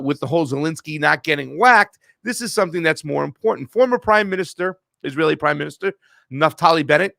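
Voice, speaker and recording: A man's voice: on the high side, creaky, sharp tone, no echo. A man hosting casual political commentary, slangy and mocking, often laughing and calling his viewers fam. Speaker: host.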